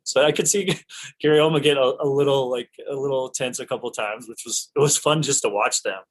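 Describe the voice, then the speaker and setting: A middle-aged male actor being interviewed, telling lively anecdotes in casual chat and laughing often. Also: mid-range voice, quick pace, low-quality recording.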